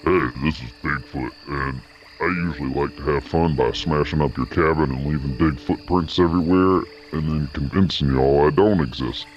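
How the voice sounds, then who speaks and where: A man voicing a mischievous Bigfoot for a comedy ad, his voice lowered with echo and distortion. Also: moderate pace, lo-fi sound, slight background noise. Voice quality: deep, distorted, echoey. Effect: pitched down with echo and distortion.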